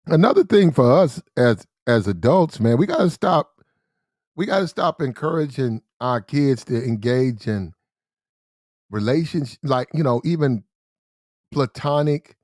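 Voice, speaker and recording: A man's voice: mid-range voice, lively intonation, slow pace, long pauses, darkish tone, no echo, studio quality. A man from the United States giving blunt, slangy opinion commentary, repeating his points for emphasis. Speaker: commentary show host.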